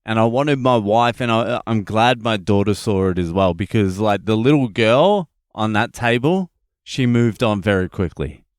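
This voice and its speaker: An Australian man hosting a podcast, telling a story in a casual, animated and heavily profane comic monologue. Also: lowish voice, moderate pace, dry recording, studio quality. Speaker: podcast host, comedian.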